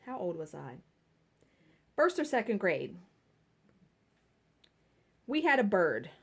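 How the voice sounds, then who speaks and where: A woman vlogging casually while she cross stitches at home, telling stories and laughing at herself. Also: mid-range voice. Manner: chatty storytelling, laughing at herself.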